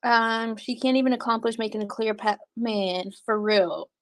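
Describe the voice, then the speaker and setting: A woman's voice: a little high, normal speed, no echo. Blunt, foul-mouthed woman streamer. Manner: blunt, heavy cursing, frequent laughs. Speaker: livestreamer reading chat. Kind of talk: casual livestream commentary.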